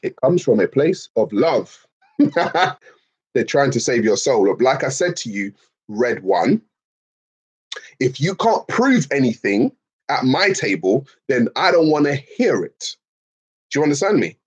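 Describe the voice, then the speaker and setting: A man streaming to his chat in a casual, profane rant, animated and repeating his points. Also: mid-range voice, a little slow, slightly rough.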